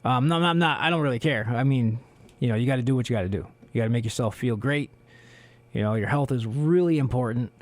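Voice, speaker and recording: Man, radio host, hoarse scratchy voice, rambling with fillers, dry close studio sound. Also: mid-range voice, fast, no room sound. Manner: rambling, heavy on "you know" fillers. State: hoarse, losing his voice. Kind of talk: casual solo radio talk.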